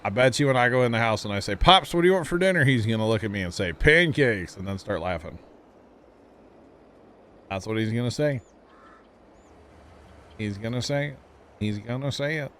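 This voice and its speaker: A man's voice: on the low side, normal speed, pauses often, a little hiss or hum. Chatty man streaming. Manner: chatty, self-teasing, laughs often. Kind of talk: casual chat with viewers while gaming.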